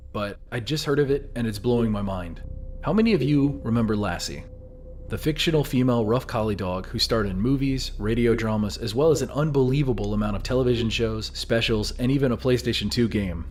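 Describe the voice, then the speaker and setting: A man's voice: medium pitch, animated, a little fast, a little hiss or hum. A man in his thirties giving earnest, scripted narration and asking the viewers questions directly. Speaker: video narrator.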